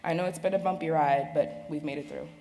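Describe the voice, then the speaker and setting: Young woman reading her story slowly, lowish voice, big echoey hall. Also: fairly even intonation, over loud music. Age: young adult. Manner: slow, earnest, halting delivery. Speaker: speaker sharing her story. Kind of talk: reading a prepared personal speech. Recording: reverberant hall with faint ambience.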